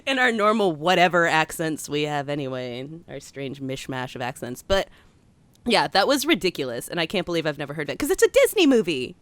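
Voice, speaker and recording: A woman co-hosts a casual podcast in a chatty, giggly way. Her voice rises and falls in a lively swing. It is recorded close with a dry, dead sound. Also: low-pitched, brisk, dry recording. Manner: chatty and giggly, reading a listener letter aloud. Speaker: podcast co-host. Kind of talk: casual chat.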